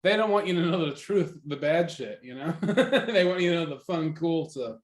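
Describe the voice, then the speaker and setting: A man chatting casually on a podcast, with a voice pitched a little above the usual. He is laid-back and agreeable, and often laughs along. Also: lively intonation, normal speed. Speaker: podcast co-host. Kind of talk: casual chat.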